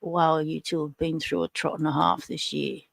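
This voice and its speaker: A woman's voice: low-pitched, flat delivery, normal speed, creaky, no room sound, clean studio sound. A middle-aged Australian woman hosting a casual livestream, chatting and greeting viewers by name. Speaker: livestream host.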